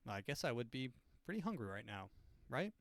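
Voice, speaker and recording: A man's voice: mid-range voice, big pitch swings, a little fast, gravelly, dry recording. A young man hosting a comedy podcast, telling a rambling, sardonic story full of restarts and filler words. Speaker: podcast host.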